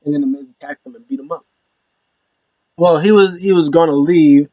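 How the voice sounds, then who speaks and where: A man's voice: a little high, normal speed, warm tone, dry recording. Rambling man recapping wrestling. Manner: rambling, many fillers, acts out quotes in raised voices. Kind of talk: casual recap talk.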